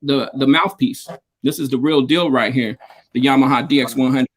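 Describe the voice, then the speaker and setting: A man's voice: mid-range voice, steady tone, moderate pace. A man, a DJ and producer, telling stories in a casual interview, rambling with lots of fillers and slang over a video call. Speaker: guest, DJ and producer.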